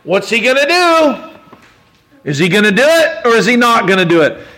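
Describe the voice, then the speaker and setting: A man's voice: extremely high pitch, big pitch swings, normal speed, sharp tone. A man preaching a conversational sermon to his congregation, asking rhetorical questions and often restarting his sentences. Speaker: pastor.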